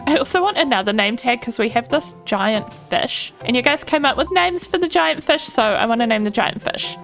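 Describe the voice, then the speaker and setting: A woman's voice: fairly high pitch, lively intonation, moderate pace, gravelly, a bit bright. A young woman giving bubbly, chatty gameplay commentary, cooing at the animals in her game. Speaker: Minecraft YouTuber. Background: faint background music.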